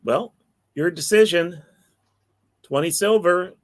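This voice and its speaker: A man's voice: high voice, slow pace. A man playing a tabletop game, talking in a folksy, polite way. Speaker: player.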